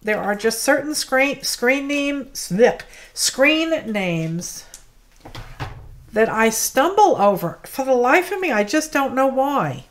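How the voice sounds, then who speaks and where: A woman talks through a craft project on a livestream in a relaxed, slow-paced way. She keeps up friendly chatter, greeting and thanking her viewers by name. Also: high voice. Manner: chatty, greets viewers by name, apologetic about mispronouncing names. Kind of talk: chatty live craft demonstration. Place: home craft studio.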